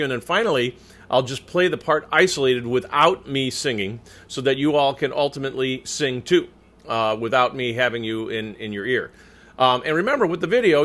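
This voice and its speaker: A man with a bright, forward voice that sits a little high for a man coaches a choir section. He explains patiently and pronounces each word with care, speaking into a microphone indoors. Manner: clear, patient spoken instruction, careful diction. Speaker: choir conductor. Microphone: new microphone.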